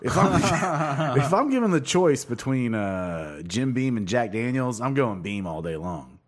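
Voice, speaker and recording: A man's voice: mid-range voice, big pitch swings, normal speed. A man from the United States hosting a casual podcast chat, loose and jokey, swearing freely. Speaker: podcast host.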